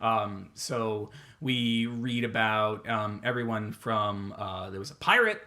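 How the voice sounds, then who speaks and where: A man's voice: fairly low pitch, expressive, takes it slowly, pushed and bright. A middle-aged man co-hosting a podcast in casual chat, rambling and hesitant with lots of fillers and restarts. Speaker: podcast co-host.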